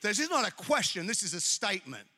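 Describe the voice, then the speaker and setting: A male pastor delivers a lively sermon with a high, bright, forceful voice, joking and repeating his words as he builds his points. The sound carries a long echo from a large hall. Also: quick pace. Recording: echoey hall with long reverb.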